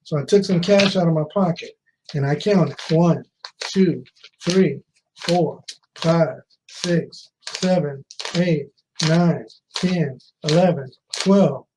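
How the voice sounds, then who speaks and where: A man in his fifties tells a personal story at a conference, speaking slowly in a slightly high voice over some background noise. He asks the audience questions and repeats key phrases for emphasis in this motivational storytelling speech.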